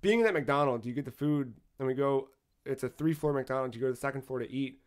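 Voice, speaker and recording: A man co-hosting a podcast, telling a travel story in a casual, animated way with frequent swearing. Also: mid-range voice, fast. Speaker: podcast co-host.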